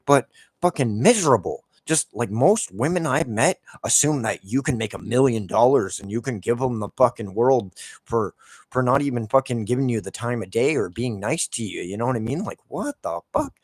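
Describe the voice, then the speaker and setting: A man's voice: mid-range voice, lively intonation, a little fast, no echo. A man in his forties, a gaming YouTuber, ranting casually and swearing constantly while he plays. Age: 40s.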